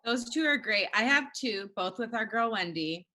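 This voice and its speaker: A woman's voice: a little high, animated, moderate pace. A woman hosting a casual TV aftershow, eagerly leading the group through favorite moments. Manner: bright, eager, leads the discussion. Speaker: aftershow host. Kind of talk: casual TV recap chat.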